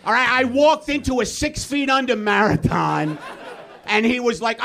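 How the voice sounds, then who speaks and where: A male comedian on a live stage, shouting an exasperated, profane rant. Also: very high-pitched, sing-song, normal speed, creaky. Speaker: comedian guest.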